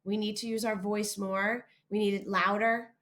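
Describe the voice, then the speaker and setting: A woman giving a chapel talk to young schoolchildren, expressive and lively, putting questions straight to the kids. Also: medium pitch, moderate pace.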